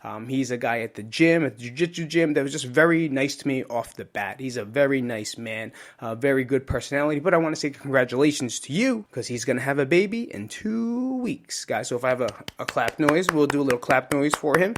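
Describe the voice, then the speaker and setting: A man's voice: medium pitch, lively intonation, fairly quick, hardly any pauses. A man in his thirties hosting a solo podcast, rambling and joking casually with the odd swear word. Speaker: podcast host.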